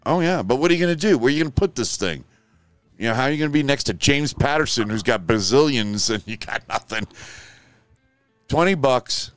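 A man's voice: mid-range voice, no echo. Rambling, profane older male show host. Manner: profane, rambling, swings from mutter to loud outburst. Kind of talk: casual ranting monologue.

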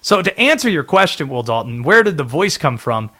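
A man's voice: fairly high pitch, sing-song, brisk, bright, forceful tone. A man from North Carolina hosting sports talk radio, chatty and opinionated.

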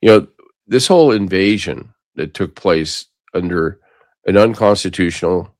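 Deep-voiced older man rambling on his show. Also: normal speed, a little mellow, dry recording, clean studio sound. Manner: rambling, repeats words and restarts often. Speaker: talk show host. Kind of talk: casual political monologue.

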